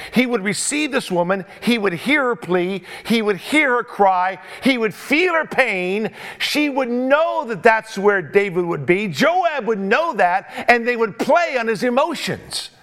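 Male preacher, bright high voice, very lively, emphatic sermon with repeated lines. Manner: emphatic, rhetorical questions, repetition.

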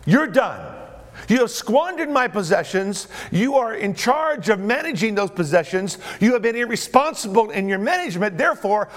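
A man's voice: sits high, voice pushed up. A man voicing a stern wealthy master who bluntly scolds and fires his servant.

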